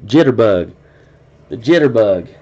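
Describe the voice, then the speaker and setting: On his card-breaking stream, this man talks casually, thinking aloud and often starting sentences over. He sounds low, animated and darkish, speaking a little slowly, over dull lo-fi audio with faint noise.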